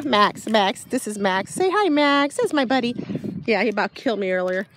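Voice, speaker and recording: Walking her dog outdoors by a bay, a woman chats casually for her vlog, a bit breathless, rambling and laughing a lot. Her voice is a little high and expressive at a moderate pace. The low-quality recording, from a handheld device carried while walking, is full of loud wind, birds, and the dog.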